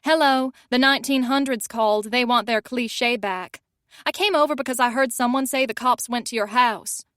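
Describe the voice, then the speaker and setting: A woman's voice: a little high, moderate pace, fairly bright tone, no echo, clean studio sound, lightly acted. A woman reading an audiobook, voicing a blunt, sassy young woman friend who mocks and scolds dramatically. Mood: teasing. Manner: mocking and dramatic.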